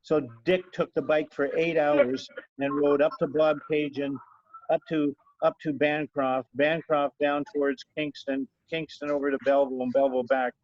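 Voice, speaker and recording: Older man, rambling storyteller, fairly high voice, muffled video call sound. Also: little pitch movement, moderate pace, dry recording. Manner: rambling, repeats himself while telling a joke. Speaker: family member on a video call.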